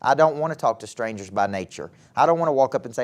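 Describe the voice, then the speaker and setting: A middle-aged man with a Southern US accent giving a live motivational talk to young people, animated and often asking the audience questions. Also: mid-range voice, quick pace. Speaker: motivational speaker and former coach. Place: event hall with a live audience.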